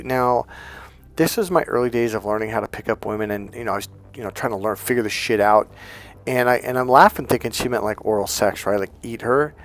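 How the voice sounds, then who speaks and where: A man coaching on dating, talking casually and with energy, swearing freely and acting out other people's voices. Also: fairly quick. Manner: animated, profane, acts out voices with big pitch jumps. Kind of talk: casual storytelling monologue.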